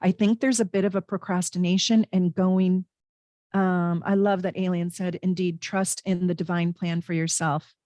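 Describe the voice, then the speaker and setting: A middle-aged woman hosts a relaxed tarot and astrology livestream from home, chatting warmly with viewers and dropping in lots of fillers. Her voice sits lowish with fairly even intonation at a moderate pace. The recording is dry and studio quality.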